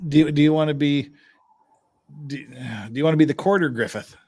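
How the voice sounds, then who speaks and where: A man hosting a legal commentary podcast, animated and quick to laugh while setting up a transcript reading. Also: a little high, no room sound. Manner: animated, laughs often, joking. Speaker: podcast host.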